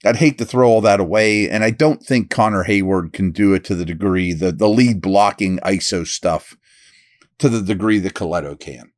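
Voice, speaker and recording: A man's voice: low voice, normal speed. Man talking football roster picks casually. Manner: casual, conversational, thinking aloud with restarts; upbeat read of a sponsor ad. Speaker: podcast host and football scout. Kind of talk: solo sports analysis podcast.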